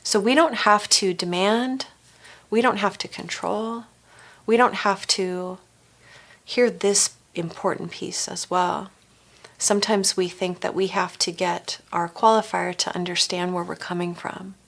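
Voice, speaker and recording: A woman's voice: medium pitch, fairly even intonation, a little slow, vocal fry, a bit bright. A woman presenting a family recovery course, coaching listeners with rhetorical questions and acted-out sample phrases. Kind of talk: teaching a workshop.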